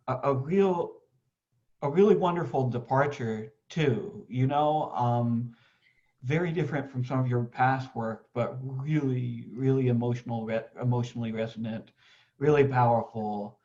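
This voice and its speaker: A man hosting a reading series, casual and effusive, swearing and halting with fillers as he praises a reader. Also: mid-range voice, darkish tone, lo-fi sound. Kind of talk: casual chat.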